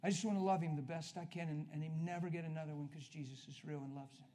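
A man preaching a sermon, telling a story and acting out both sides of a conversation, swinging from hushed talk to loud, emphatic preaching. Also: fairly high pitch, fairly even intonation, fast talker.

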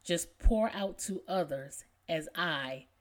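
A woman reading a gentle, earnest master. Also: lowish voice, animated, takes it slowly. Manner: earnest, tender. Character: kind, gentle male master, firm.

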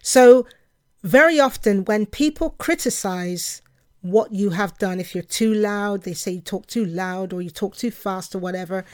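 A woman hosting a solo podcast, talking passionately and emphatically in a fast, lively way. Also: mid-range voice, no room sound, clean studio sound. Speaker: podcast host.

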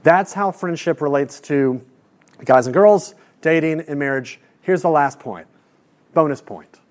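A man delivers a sermon in an earnest, conversational way, his voice sitting a little high for a man. He repeats words as he builds toward a point, then drops soft and slow to let it land. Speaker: pastor.

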